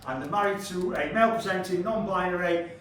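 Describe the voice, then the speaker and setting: A man's voice: high voice, brisk, a bit bright, a little hiss or hum. A man in his fifties with a Yorkshire accent doing a brash, sweary stand-up set on a comedy club stage. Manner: brash, sweary, crowd-teasing storytelling. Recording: echoey club, far from the mic, audience laughter.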